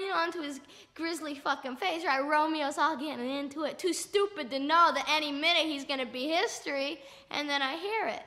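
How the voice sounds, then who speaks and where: Woman ranting out a crude story piece, long reverb hall, rising to yells. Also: high voice, moderate pace. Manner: profane, breathless, rising to yelling. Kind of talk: spoken-word storytelling.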